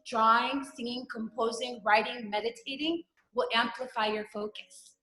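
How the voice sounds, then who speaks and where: Brief: high-pitched woman instructor, calm guided vocal exercise, echoey room. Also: normal speed, hardly any pauses, faint music behind. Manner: calm step-by-step guidance with sustained sung vowels. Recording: roomy echo.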